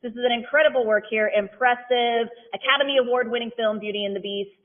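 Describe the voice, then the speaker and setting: A woman auctioneer running a live sale, calling bids in a steady rhythm and breaking off into chatty, self-deprecating asides. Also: on the high side, fast talker. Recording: tinny phone-like sound.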